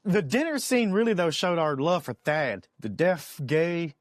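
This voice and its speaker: Lively high-voiced man podcast co-host. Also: measured pace, no room sound, studio quality. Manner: expressive, repeats words, talks in bursts. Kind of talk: casual chat.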